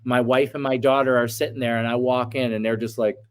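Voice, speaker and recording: A man's voice: medium pitch, little pitch movement, a little fast, clear, resonant tone. A man in his forties, a shaman guest on an interview show, telling a personal story earnestly and acting out his past outbursts.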